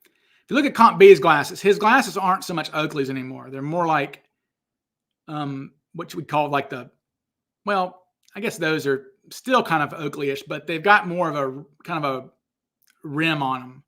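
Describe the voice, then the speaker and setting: A man with a fairly high, bright voice speaks at a normal pace with a forceful tone. He's hosting a casual livestream Q&A, answering viewer questions, rambling, cutting himself off, and apologizing as he searches for files.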